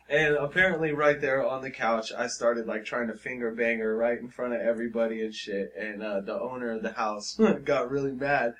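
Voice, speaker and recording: A man's voice: medium pitch, normal speed, a bit bright, recorded from a distance. Laid-back man, a bit off-mic. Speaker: friend telling a story. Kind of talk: casual chat.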